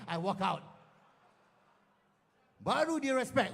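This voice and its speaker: Malaysian-accented male comic, animated live set, high voice, echoey hall. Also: brisk, vocal fry, long pauses. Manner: animated, mixing in Malay words. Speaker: stand-up comedian. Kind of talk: live stand-up comedy set. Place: event dinner hall.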